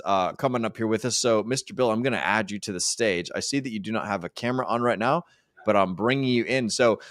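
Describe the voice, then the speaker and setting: A man's voice: on the low side, fast, a bit bright, dry recording, clean studio sound. A man from Washington State hosting a livestream panel chat, with a hyped, loose emcee manner. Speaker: host.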